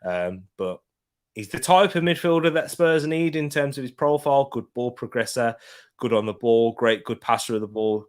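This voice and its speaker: A young man hosting a live football watchalong, chatting casually and bursting into loud excited shouts at big moments. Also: mid-range voice, normal speed. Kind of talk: live match commentary and chat.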